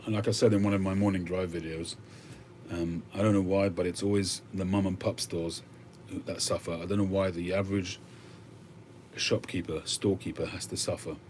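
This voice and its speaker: A man's voice: sits low, little pitch movement, normal speed, darkish tone, slight background noise. A man hosting a livestream, chatting casually and musing aloud with frequent hesitations as he answers viewer comments. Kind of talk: casual chat.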